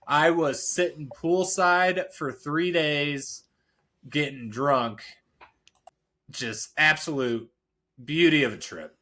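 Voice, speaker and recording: A man co-hosting a casual podcast, telling profane, animated stories and griping about bad weather. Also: on the high side, takes it slowly, slight background noise. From central Illinois. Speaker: podcast co-host.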